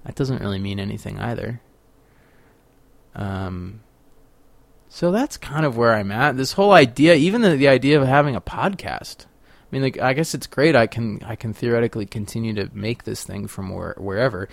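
A young man from Sacramento hosting a solo podcast, rambling and profane, swinging between quiet musing and loud ranting. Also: mid-range voice, normal speed, creaky, dry recording. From Sacramento, California. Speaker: podcast host.

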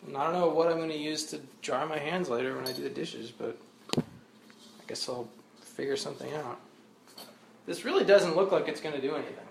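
A man's voice: medium pitch, normal speed, creaky, long pauses, slight background noise. A man hosting a casual solo podcast from his kitchen at home, rambling and joking with self-mocking humor. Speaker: podcast host.

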